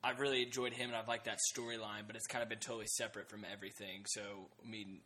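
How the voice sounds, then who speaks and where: A man's voice: lowish voice, level tone, rapid-fire, bright, forceful tone. A man co-hosting a casual TV discussion podcast, talking hesitantly with many fillers and restarts. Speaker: podcast co-host.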